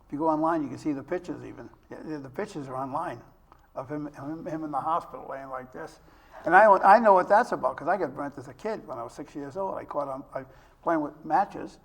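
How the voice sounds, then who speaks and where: A man's voice: fairly high pitch, brisk. An older man hosting a talk show interview, chatty and telling long personal stories. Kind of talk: casual interview chat.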